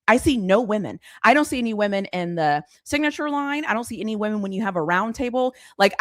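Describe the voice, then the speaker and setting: A woman's voice: medium pitch, no room sound, studio quality. A woman host ranting bluntly and sarcastically in a casual live-stream chat. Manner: animated, exasperated, blunt, sarcastic. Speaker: sports commentary host.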